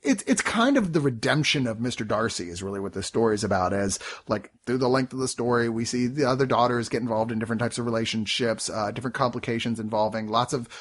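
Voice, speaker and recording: A man's voice: medium pitch, fast, hardly any pauses. A man co-hosting a casual chat about a TV series, rambling, swearing and laughing as he acts out quotes. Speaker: podcast co-host reviewing a TV series.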